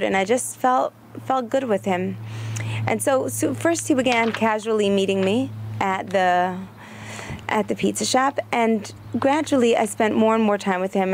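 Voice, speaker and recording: A woman teaching a parenting lesson from the Torah portion, telling a story in an earnest, drawn-out way. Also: on the high side, darkish tone, slight background noise.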